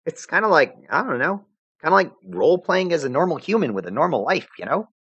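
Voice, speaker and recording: A man's voice: on the high side, big pitch swings, brisk, fairly bright tone, husky, no room sound, lo-fi sound, voice pushed up, exaggerated voice. A cocky teenage troll girl, put on by a man reading aloud in a lifted, bouncing voice, her swagger cracking into stammers. It sounds close and dry, with no room around it.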